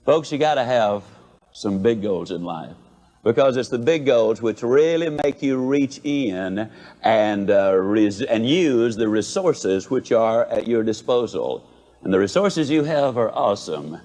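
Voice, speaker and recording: A man's voice: mid-range voice, a little slow, low-quality recording. A man giving a motivational talk, telling folksy stories. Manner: folksy, animated storyteller. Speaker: motivational speaker. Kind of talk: motivational speech with storytelling. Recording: archival talk.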